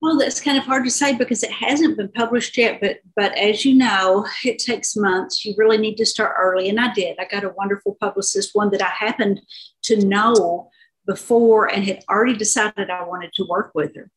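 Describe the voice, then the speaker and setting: A woman's voice: medium pitch, steady tone, normal speed, rough recording. A woman author over fifty, talking unhurriedly about her novel in an interview, with fillers and restarts. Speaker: author guest.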